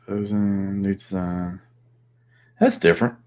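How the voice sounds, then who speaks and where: Rambling low-voiced man. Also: steady tone, slow pace, darkish tone. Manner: rambling, thinking aloud with fillers. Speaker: host. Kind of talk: casual live chat.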